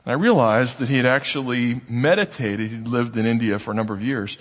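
A man preaching in an echoing hall. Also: medium pitch. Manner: earnest storytelling, shifting between brisk telling and slow emphasis. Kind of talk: sermon with storytelling. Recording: long reverb of a large hall.

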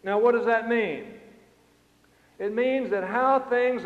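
A man's voice: very high-pitched, slow pace, long pauses. An older man preaching a sermon, with an emphatic delivery that rises and falls. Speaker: pastor. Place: church sanctuary. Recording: roomy hall sound, muffled lo-fi.

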